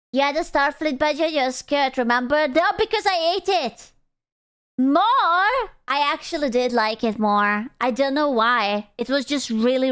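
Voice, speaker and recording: A young woman streamer chats casually with her viewers in a high, clear, smooth voice. Her talk is playful, giggly and crude, and she takes her time getting the words out. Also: a bit bright. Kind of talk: casual livestream chat.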